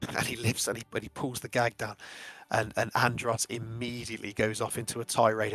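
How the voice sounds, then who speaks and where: A man narrating a tabletop game as game master, relaxed and often restarting his sentences. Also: mid-range voice, fast talker, hardly any pauses, soft background music.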